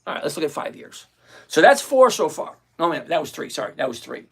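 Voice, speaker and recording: A man's voice: fairly high pitch, big pitch swings, brisk, vocal fry, husky. A man hosting a stock-trading livestream, talking bluntly and with exasperation, rattling off countdowns and numbers. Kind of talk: casual livestream talk.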